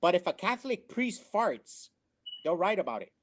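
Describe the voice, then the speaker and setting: Emphatic preachy man, high voice. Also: very animated, normal speed. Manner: emphatic, preachy, repeats phrases. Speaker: co-host. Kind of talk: opinionated commentary.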